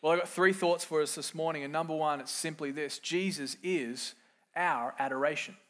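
A middle-aged man preaching a sermon, moving from quiet, reflective lines to loud, emphatic ones and acting out quoted voices. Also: on the high side, steady tone, moderate pace. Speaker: pastor.

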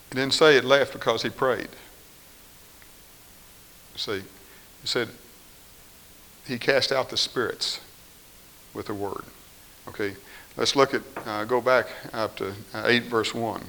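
Bright-voiced man preaching a sermon. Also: medium pitch, low-quality recording. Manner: shifts between quiet firmness and raised, pleading voices.

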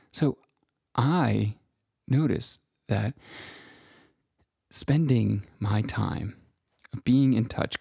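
A middle-aged man talks in a slow, contemplative monologue, pausing often as he reflects. His low voice carries a gravelly fry. The sound is dry and close, with no room around it. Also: dry recording. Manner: slow, gentle and contemplative, with long pauses. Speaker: self-help speaker.

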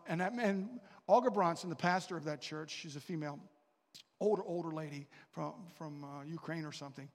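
A man preaching a sermon, telling stories and asking the congregation questions. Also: a little high. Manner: storytelling, with asides and questions to the congregation. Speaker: pastor. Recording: long reverb of a large hall.

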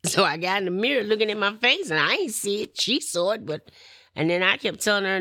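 A woman's voice: mid-range voice, expressive, brisk, sharp tone, dry recording, clean studio sound. A woman, telling her personal testimony in an interview and acting out the people in her story.

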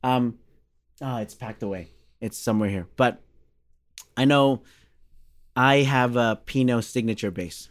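A man in his thirties from Australia tells a long story in a relaxed interview, a bass player acting out the voices of the people in it. His pitch is mid-range, and the recording is dry and close. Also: a little slow, pauses often, dry recording. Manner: animated storyteller, acts out quoted dialogue.

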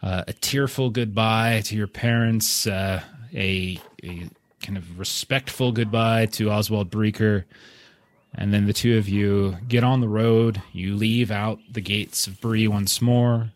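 A man narrating a tabletop game as game master, relaxed and halting, with frequent fillers. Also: lowish voice, dry recording.

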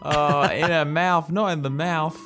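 A man's voice: fairly high pitch, fairly even intonation, unhurried. A man co-hosting a podcast, chatting casually with dry joking asides. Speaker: podcast co-host. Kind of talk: casual chat.

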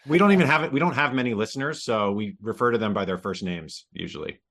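A man's voice: mid-range voice, quick pace, a bit bright. A man co-hosting a podcast who tells childhood stories in a joking, self-deprecating way. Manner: jokey, self-deprecating storyteller. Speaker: podcast co-host. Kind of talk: casual chat.

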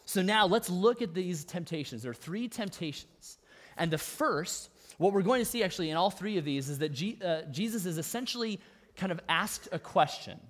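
A man with a fairly high voice delivers a sermon like he is talking with the room. He leans on key words with emphasis and drops in wry asides along the way. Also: lively intonation, moderate pace, fairly bright tone. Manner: conversational, emphatic preaching with asides and humor. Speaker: pastor.

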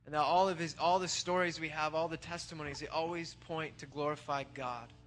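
A man's voice: on the high side, steady tone, fairly quick, a bit bright, soft background music. A man leading a church gathering, thanking speakers and encouraging the congregation. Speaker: worship leader.

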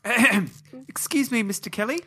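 A man's voice: extremely high pitch, moderate pace, bright, forceful tone, breathy edge, voice pushed up, full character voice. A man voicing a timid, polite male schoolteacher who pleads hesitantly. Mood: fawning. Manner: meek, rambling, hesitant.

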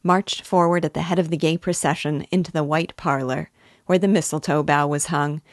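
A woman teacher reads a classic novel aloud, measured and expressive. Her voice is low-pitched, and the recording is dry and close with no room sound. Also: dry recording. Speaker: literature teacher.

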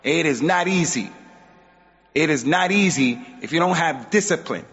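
A man's voice: on the high side, animated, moderate pace, fairly bright tone, faint music behind. A man giving an emphatic religious lesson in a mosque, exhorting his audience. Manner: emphatic, exhorting, acts out quotes. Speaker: Islamic teacher. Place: mosque hall. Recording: dull sound with long hall reverb.

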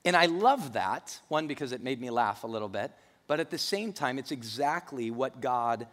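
A man's voice: mid-range voice, a bit bright, big-room sound. A male pastor preaching a sermon in a church, emphatic and repeating key phrases.

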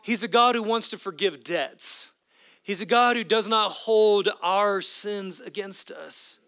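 A man's voice: sits high, takes it slowly, a bit bright, no room sound, studio quality. A man preaching a sermon as a pastor, with an impassioned, repetitive preaching cadence.

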